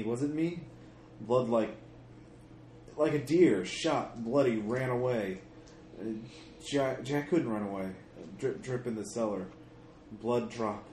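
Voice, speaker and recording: A haunted, guilt-ridden middle-aged father, as a man reads his note aloud speaks in broken, fragmented phrases. His pitch climbs higher than usual, and the echoey room carries a faint hiss. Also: a little mellow, close to an everyday voice.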